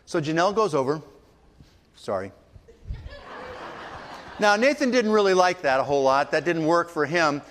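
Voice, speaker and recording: An older pastor preaches a sermon in a large hall, telling family stories and acting out the voices of the people in them. His voice is a little high and a bit bright.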